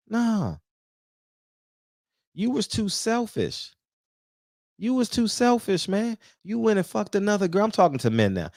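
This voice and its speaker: Fired-up man preaching with lively pitch. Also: dry recording, clean studio sound. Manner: preachy, confrontational, repeats rhetorical questions. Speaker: barbershop talk show host. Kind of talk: heated casual monologue.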